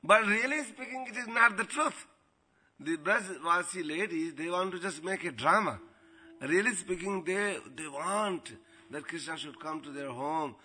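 Man, devotional story talk, animated, laughing, slightly high voice, very sharp bright tone. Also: a little slow, husky. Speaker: spiritual teacher.

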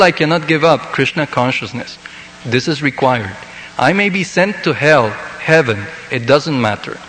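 A man's voice: medium pitch, fairly bright tone. A man preaches with fervent emphasis, repeating his main points for weight. His middling voice rings with a long hall reverb, and faint ambient noise runs under it. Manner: emphatic, repeats key lines. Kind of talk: fervent recorded sermon.

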